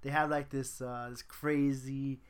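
A podcast co-host chatting in a relaxed, slangy way, often restarting sentences. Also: medium pitch, a little slow, clean tone. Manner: relaxed, slangy, stumbling over words. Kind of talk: casual chat.

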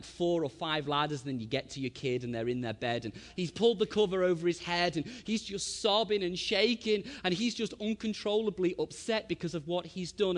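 A man in his thirties preaching to a church, his voice sitting fairly high. He tells stories with animated swings, rising loud and then dropping to a hush. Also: big-room sound. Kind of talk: sermon with storytelling.

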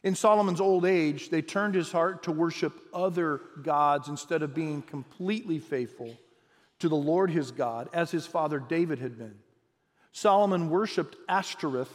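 A man preaching a sermon as pastor, animated and conversational, with frequent restarts and asides. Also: a little high, in a large hall.

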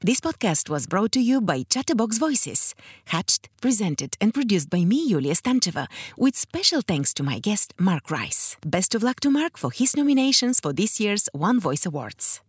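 A woman's voice: medium pitch, big pitch swings, normal speed, slightly rough, no room sound, clean studio sound. A woman hosting a podcast who reads out prepared interview questions politely. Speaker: podcast host. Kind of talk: interviewing, scripted outro.

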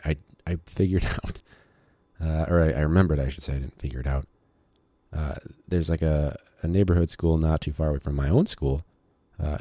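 A male high school teacher with a very deep, mellow voice talks through a loose, digressive podcast monologue, full of fillers and side stories. The recording is dry and close, with no room sound. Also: dry recording. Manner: rambling, digressive, many fillers.

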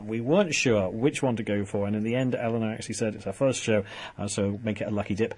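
A man's voice: medium pitch, breathy edge. A man presenting a radio show, teasing his guests in a jokey way. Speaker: radio host.

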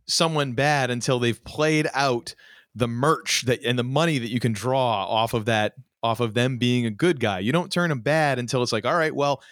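A man co-hosting a podcast, talking casually and ranting with animated restarts and mock voices. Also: medium pitch, normal speed, dry recording, studio quality. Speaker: podcast co-host. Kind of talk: casual chat.

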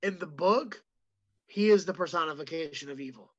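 A man who is a comedian, chatting as a podcast guest and telling animated stories with quick impressions. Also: on the high side, dull audio. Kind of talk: casual podcast chat.

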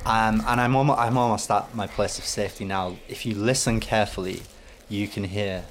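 A man with an English accent hosting a podcast, delivering a bitter, deadpan comic monologue. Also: on the low side, normal speed, a little hiss or hum. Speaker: podcast host. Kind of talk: sardonic comedic monologue.

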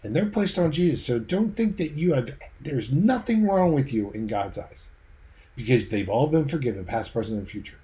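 A man's voice: mid-range voice, animated, normal speed, dark tone. A man preaching a sermon, leading his listeners through vividly imagined scenes.

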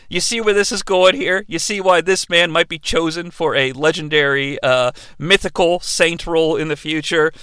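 Irreverent high-voiced male movie reviewer. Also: bright, forceful tone, smooth, no room sound, studio quality. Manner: irreverent, profane, joking. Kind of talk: comedic movie recap.

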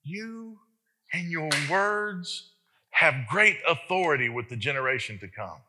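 Preaching in an unhurried way with a fairly high pitch, the pastor delivers his sermon animatedly and with emphasis. He frequently turns straight to the congregation and poses rhetorical questions.

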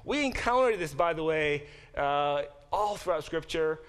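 In class, an easygoing middle-aged man who teaches the Bible walks through terms one step at a time, conversationally, as part of a lecture. He speaks unhurriedly in a fairly high, animated, fairly bright voice.

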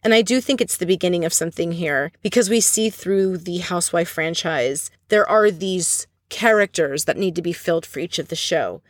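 A woman hosting a podcast, retelling reality-show drama in a gossipy, animated way and quoting the people she talks about. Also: lowish voice, moderate pace, few pauses, no room sound, studio quality. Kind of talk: casual chat.

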